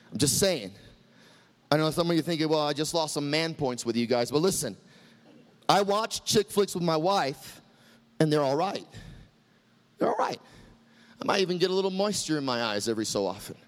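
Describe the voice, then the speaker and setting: A middle-aged male pastor preaching with fire, his voice pitched high and swinging widely between soaring shouts and relaxed, joking asides. He drives his refrains home with force. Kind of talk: sermon.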